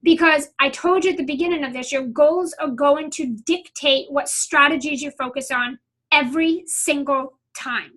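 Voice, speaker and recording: A woman's voice: high voice, normal speed, a bit bright. A middle-aged woman business coach, talking bluntly and with some swearing, with plenty of ums. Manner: blunt and profane, with fillers. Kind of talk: coaching talk.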